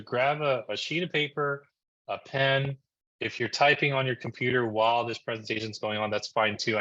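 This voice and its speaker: Bright-voiced man from New Jersey coaching. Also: mid-range voice, lo-fi sound. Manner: energetic, conversational, keeps checking in with "right?". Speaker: marketing coach presenting a webinar. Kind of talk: live online presentation.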